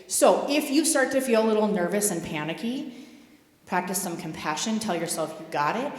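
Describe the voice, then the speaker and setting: A woman guides a group through yoga postures and breathing in a calm, gently inviting voice. Her cues land in a large hall that rings with long reverb. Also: fairly low pitch. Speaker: yoga guide at a spiritual center. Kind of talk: guided movement and breathing instruction.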